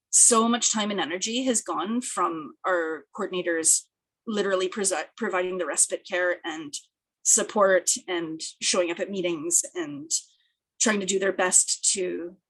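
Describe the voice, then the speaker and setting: A speaker, giving an earnest, thoughtful webinar presentation over a video call, slightly hoarse and often restarting phrases. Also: female voice, mid-range voice, fairly bright tone. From British Columbia, Canada. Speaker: peer project coordinator and presenter. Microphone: video call, camera off.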